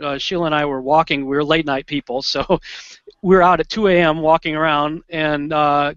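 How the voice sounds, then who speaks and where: A man guest in an interview, telling a story in an animated, excitable way, often restarting and acting out what he said in the moment. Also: on the high side, no echo. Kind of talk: conversational storytelling. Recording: dull lo-fi sound.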